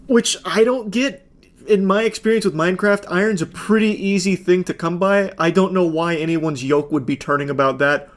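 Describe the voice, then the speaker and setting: Guy in his 30s doing sarcastic cursing commentary on texts, bit higher voice, deadpan. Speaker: commentary host. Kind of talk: reacting to text messages with commentary.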